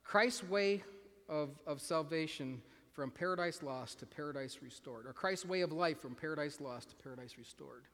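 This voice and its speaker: A man's voice: a little high, normal speed, fairly bright tone. Earnest preacher man in a reverberant hall. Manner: earnest, repeats words and restarts, asks the audience questions. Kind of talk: sermon.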